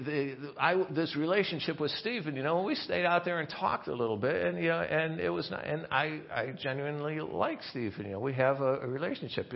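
A man preaching a conversational sermon as pastor, talking in a halting way with many restarts and asides. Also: medium pitch, vocal fry. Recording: dull lo-fi sermon recording.

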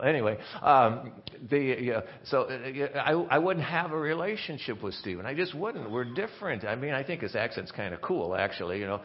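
A man preaching a conversational sermon as pastor, talking in a halting way with many restarts and asides. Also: medium pitch, very animated. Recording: dull lo-fi sermon recording.

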